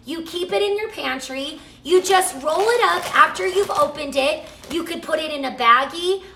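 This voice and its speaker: A woman hosting a live cooking chat from her home kitchen, gushing excitedly and reading out viewer comments to her camera. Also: extremely high pitch, moderate pace, roomy sound, a little hiss or hum. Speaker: cooking show host selling products. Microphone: camera mic, moves off camera at times.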